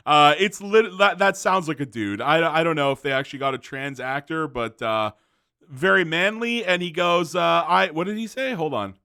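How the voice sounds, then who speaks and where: A man's voice: on the high side, expressive, normal speed, sharp tone, smooth. A man hosting a commentary video, ranting angrily with profanity, fillers and restarts.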